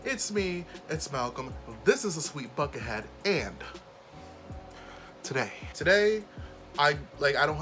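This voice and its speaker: A man's voice: mid-range voice, sharp tone. A man hosting a casual commentary vlog, talking bluntly and openly indignant. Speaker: commentary YouTuber, host.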